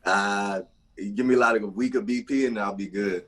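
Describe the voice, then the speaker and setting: A man's voice: fairly low pitch, fairly even intonation, moderate pace, a bit bright. A young adult man, a baseball player, giving brief, laid-back answers as a podcast guest. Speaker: guest, pro baseball pitcher. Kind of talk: casual interview.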